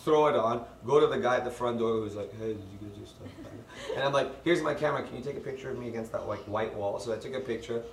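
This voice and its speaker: A young guy races through a story with his friends, barely pausing, laughing as he imitates what others said. His pitch is medium and his speech fast; the audio is roomy and distant with background noise.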